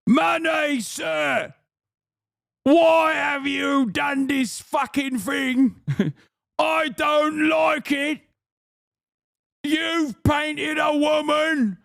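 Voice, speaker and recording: A man voicing an outraged medieval male art critic in a put-on British accent, shouting in a drawn-out indignant whine. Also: very high voice, fairly even intonation, creaky, no echo, studio quality, voice pushed up, full character voice.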